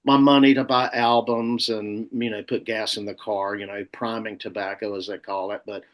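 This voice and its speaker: A man hosting a casual podcast chat, teasing his friend and pausing on drawn-out fillers. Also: on the low side, little pitch movement. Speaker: podcast host.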